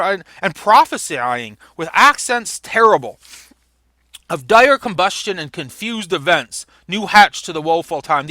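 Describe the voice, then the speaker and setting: A man's voice: fairly high pitch, sharp tone, no echo. A man giving a literature lecture, reading lines from a play aloud and explaining them, often restarting his sentences. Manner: reads quoted lines with rising emphasis, frequent restarts.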